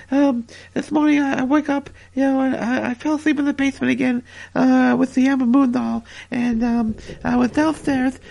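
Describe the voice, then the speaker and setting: A woman's voice: sits high, gravelly, darkish tone. A woman hosting a parody podcast in rambling comedic chat, stammering, repeating words and giggling. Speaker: podcast host.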